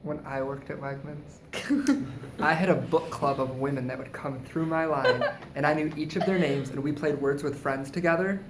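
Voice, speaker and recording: Brief: higher-pitched male co-host, animated storyteller, echoey room, faint hiss. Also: normal speed. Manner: animated, swearing anecdotes with acted quotes. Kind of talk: casual chat, storytelling.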